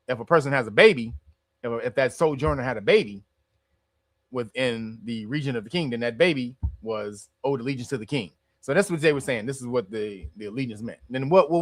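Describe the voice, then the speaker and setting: A man hosting a livestream and giving casual commentary in an animated, profane style, laughing often. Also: mid-range voice, dry recording, studio quality. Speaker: livestream host.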